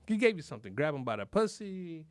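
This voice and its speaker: A man hosting a podcast, rambling and joking in animated, profane casual chat. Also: on the high side, quick pace, no room sound. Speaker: podcast host.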